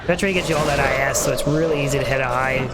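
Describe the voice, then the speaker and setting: A man's voice: medium pitch, rapid-fire, very noisy. A man streaming a game, casually explaining his gear and chatting with viewers. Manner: chatty, explains gear, reads chat aloud. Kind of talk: casual live-stream commentary. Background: loud background music.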